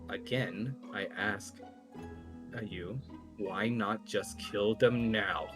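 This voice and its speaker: A scornful old witch, as a man puts her on, impatient and sneering. Her voice sits low and comes out quiet and hushed, with faint music behind. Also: fairly even intonation, slow pace. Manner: sneering and dismissive.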